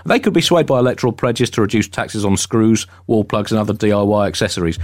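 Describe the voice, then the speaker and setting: A man co-hosting a satirical comedy podcast, riffing absurd ideas in a deadpan way. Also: fairly low pitch, quick pace, no room sound, clean studio sound. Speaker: co-host.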